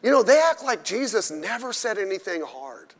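A man's voice: high-pitched, big pitch swings, moderate pace. A male pastor preaching a sermon at a midweek service, blunt and emphatic with mocking asides. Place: church during a midweek service. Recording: echoey church hall.

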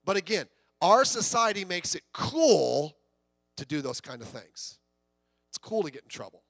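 A man's voice: sits high, big pitch swings, normal speed, vocal fry, fairly bright tone, dry recording, faint music behind. A man preaching a sermon as pastor, in a conversational way with stories and quoted voices.

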